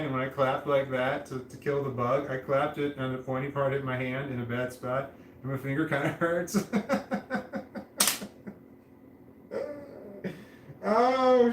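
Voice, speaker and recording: A man vlogging casually to camera, speaking in a flat, droning monotone with a slight lisp on his S sounds and frequent restarts. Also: mid-range voice, roomy sound, slight background noise, rough recording.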